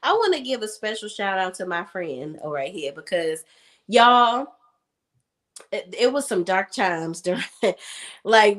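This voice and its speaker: A woman from Maryland hosting a casual live chat about a TV show, talking warmly to viewers and laughing often. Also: medium pitch. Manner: chatty, laughs often, calls viewers "y'all". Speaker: show review host.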